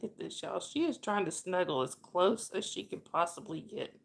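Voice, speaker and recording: Gravelly-voiced woman chatting with viewers. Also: fairly low pitch, animated, moderate pace. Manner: chatty, laughs often. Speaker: livestream host. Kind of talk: casual chat with viewers.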